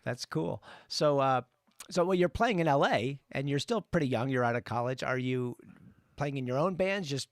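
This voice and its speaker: A man's voice: medium pitch, lively intonation, no echo. Male interview host, easygoing, dry room, a bit off-mic. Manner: easygoing, quick questions and short reactions. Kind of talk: casual interview.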